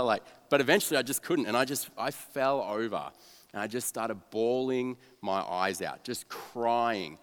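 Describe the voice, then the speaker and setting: A young man tells his own story to a crowd, poking fun at himself and sliding into a flat, sulky mumble when he plays his cynical younger self. His voice sits at an ordinary middle pitch. It rings out with the long reverb of a big hall. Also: brisk. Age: young adult. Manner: self-mocking, animated, drops to a flat mumble for cynical asides. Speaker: youth pastor telling his testimony. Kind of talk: storytelling talk to an audience.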